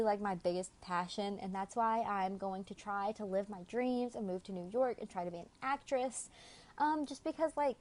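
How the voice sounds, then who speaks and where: A woman's voice: mid-range voice, a little mellow. Chatty young woman telling a story. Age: young adult. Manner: chatty, frequent fillers. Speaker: YouTuber. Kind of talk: casual storytelling chat.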